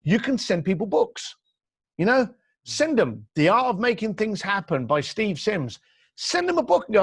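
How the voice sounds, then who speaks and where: A man's voice: high-pitched, sing-song, moderate pace, fairly bright tone, slightly rough, dry recording, clean studio sound. A man being interviewed on a podcast, telling stories and giving blunt advice while acting out quoted dialogue. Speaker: entrepreneur guest. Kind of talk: animated storytelling advice.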